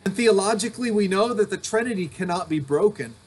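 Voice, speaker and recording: High-pitched guy pastor, earnest emphatic preaching, recorded at home. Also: expressive, a little fast, slight background noise. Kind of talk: sermon. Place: home during a thunderstorm.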